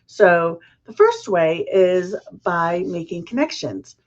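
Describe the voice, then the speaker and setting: A woman's voice: on the low side, big pitch swings, slow pace, dull audio. Chatty woman host with morning voice. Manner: chatty, laughs at own slips. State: slightly rough morning voice. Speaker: podcast host. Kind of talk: casual business chat.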